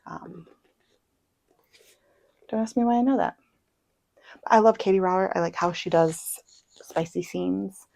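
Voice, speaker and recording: A young woman chatting casually as a book vlogger, self-deprecating and full of quick asides. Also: mid-range voice, vocal fry, a little mellow, dry recording, low-quality recording. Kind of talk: casual chat. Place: home.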